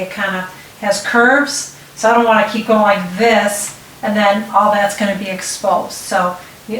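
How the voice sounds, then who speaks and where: A woman's voice: mid-range voice, fairly bright tone. A middle-aged woman hosting a casual step-by-step craft tutorial, talking while she works and checking in with "okay?". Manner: chatty, talks while working, frequent restarts and "okay?" check-ins. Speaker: DIY tutorial host. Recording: roomy, distant mic with faint noise.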